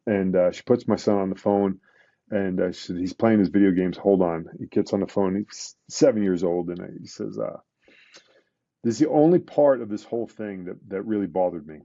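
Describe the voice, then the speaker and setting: A middle-aged man, a retired police detective, telling a painful story in a casual podcast interview, with halting restarts and fillers. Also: low-pitched, mellow, no echo, highs cut off. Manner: emotional, halting retelling with many restarts and fillers.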